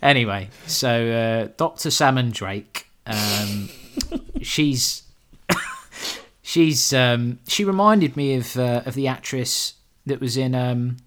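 A man chatting about a film with a co-host, swearing freely and breaking into laughter. His pitch swings widely as he acts out bits of dialogue, in an everyday middle register. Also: animated, slow pace, a bit bright. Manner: sweary, laughs a lot, acts out quotes in funny voices. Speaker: podcast co-host. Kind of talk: casual film chat.

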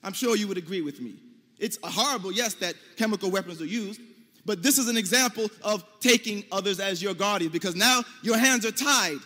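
An American man with a high voice argues his case in a debate, emphatic and forceful, sometimes rising to near-shouts. His voice carries a long reverb from a large hall. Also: a little fast. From United States. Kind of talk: debate speech.

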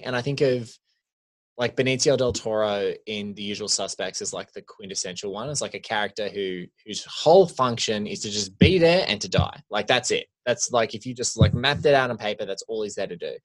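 A man's voice: fairly low pitch, a little fast. Chatty male podcast co-host. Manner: animated, heavy use of "like". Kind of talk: casual film chat.

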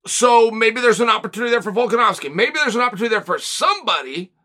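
A man's voice: extremely high pitch, animated, sharp tone. A man hosting his own show, giving blunt, opinionated commentary and firing off rhetorical questions. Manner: rapid-fire rhetorical questions; emphatic and blunt. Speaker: host.

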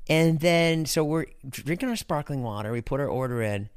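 A man telling a story in casual chat, animated and swearing, acting out what people said. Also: on the high side, normal speed, smooth, no room sound, studio quality. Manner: animated, swearing, acts out quotes.

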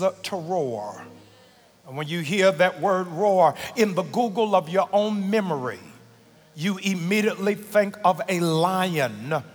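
A male pastor preaching a sermon, moving from measured teaching with frequent "uh" fillers to shouted, climactic preaching. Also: fairly high pitch. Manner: frequent "uh" fillers and "here it is" asides. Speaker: senior pastor. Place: large church sanctuary. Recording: church hall reverb with music behind.

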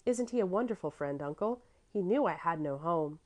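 A woman reading the part of an eager, affectionate young girl in a raised, bright voice. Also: lowish voice, lively intonation, moderate pace, natural voice. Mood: fond.

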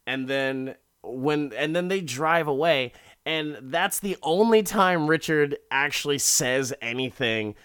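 A man's voice: on the high side, slow pace, a bit bright, clear, resonant tone. A man casually recapping a story, profane and rambling, often repeating words.

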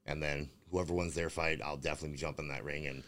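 A man's voice: very deep voice, steady tone, racing, a bit bright, a little hiss or hum. A man, a fighter guest on a casual interview, rambling through stories with lots of swearing and fillers. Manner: rambling, profane storytelling with many fillers. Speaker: bare-knuckle fighter guest.

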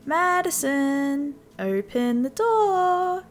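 A man's voice: very high voice, big pitch swings, drawn-out words, pitched above the performer's own voice, heavily acted. A woman voicing a creepy, leering neighbor dad who talks in a sing-song voice.

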